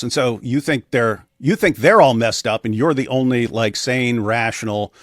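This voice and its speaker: In a dry, studio-quality recording, a medium-pitched, slightly bright male voice speaks at normal speed. He is an interview guest recounting something personal in a plain, matter-of-fact manner during casual conversation, frequently starting over mid-thought.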